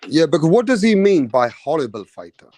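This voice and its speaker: A man hosting a podcast in casual chat, blunt and animated, swearing freely. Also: on the high side, brisk, slight background noise. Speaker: podcast host.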